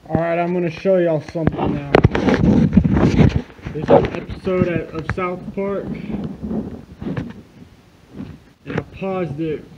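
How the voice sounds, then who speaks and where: A man talking over a video clip, profane and insistent as he explains a hidden message. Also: a little high. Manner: profane, insistent conspiracy talk. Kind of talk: casual video commentary. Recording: dull lo-fi sound with clear noise.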